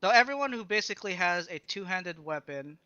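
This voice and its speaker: A man's voice: high voice, expressive, brisk, sharp tone, clean tone, no room sound, highs cut off. A man running a tabletop game as game master, talking casually with frequent fillers and restarts.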